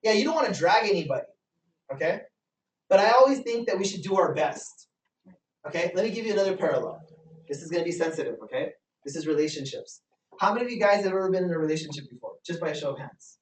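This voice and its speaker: A man giving an energetic motivational training talk to a live group, often asking the audience questions and repeating himself for emphasis. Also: high voice, fast talker. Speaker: business trainer. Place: meeting room with a live audience. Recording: echoey room from far off.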